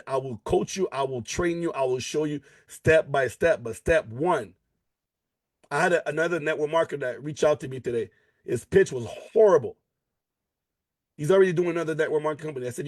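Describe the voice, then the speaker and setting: Sitting at his computer and sharing his screen on a live video call, a man gives an online sales presentation for a network marketing business. He talks fairly quickly with no room sound, pushing energetically and hammering the same key lines again and again.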